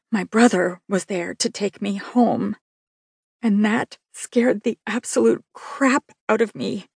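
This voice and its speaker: A woman's voice: medium pitch, gravelly, a little mellow, husky, no echo, clean studio sound. A woman narrating a novel in the first person with a wry, confiding manner. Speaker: audiobook narrator.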